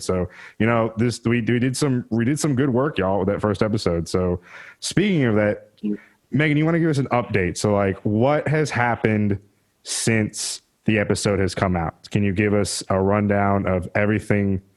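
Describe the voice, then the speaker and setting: A Southern man hosting a casual political podcast, his voice sitting a little low. He rambles and swears freely, circling back on his words as he gets worked up. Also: moderate pace. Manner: rambling, profane, animated. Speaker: podcast host.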